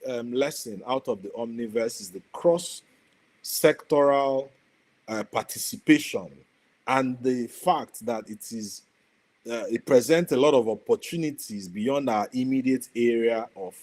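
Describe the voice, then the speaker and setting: A man, speaking as a guest on an online panel over a video call, measured and pausing with fillers. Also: mid-range voice, darkish tone. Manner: measured, many fillers and restarts.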